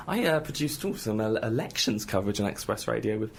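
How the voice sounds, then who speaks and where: A man hosting a comedy radio show in a studio teases his guest, then reads his own rhyming rap poems with mock-boastful swagger. His fairly low voice is creaky and very animated, his pace quick, with slight background noise.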